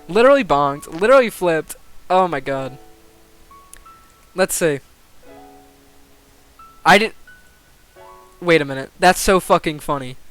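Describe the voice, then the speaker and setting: A young man commentating a game simulation on a live stream, excitable, swearing and thinking aloud. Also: on the high side, clear, resonant tone.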